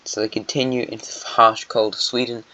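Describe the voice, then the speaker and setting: Musing and self-correcting, a man rambles casually through an alternate-history map. He speaks briskly at medium pitch, his delivery flat yet pushed and bright. The recording comes from a dull lo-fi microphone.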